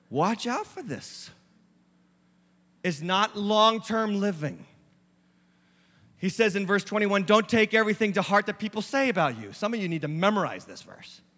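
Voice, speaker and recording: A middle-aged male pastor preaching with emphatic force, his voice high and bright as it rises and presses each point. It carries through a large sanctuary with a long reverb trailing behind it. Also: expressive, unhurried, pauses often. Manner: emphatic, preaching with rising intensity. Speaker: lead pastor. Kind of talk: sermon. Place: church sanctuary.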